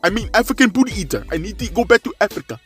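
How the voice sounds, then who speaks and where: A man's voice: high voice, lively intonation, rapid-fire, over music. A man putting on an exaggerated, mocking impression of an agitated male wrestler. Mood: whiny. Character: whiny, agitated male wrestler rant, high and loud.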